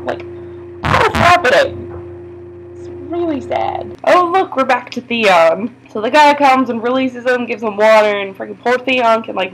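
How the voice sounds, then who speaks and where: A young woman recapping a TV episode in a casual vlog. She chats loosely, swears freely, says "like" a lot and breaks into excited exclamations. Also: mid-range voice, poor audio. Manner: chatty, swearing, frequent "like", sudden excited exclamations. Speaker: TV episode reviewer.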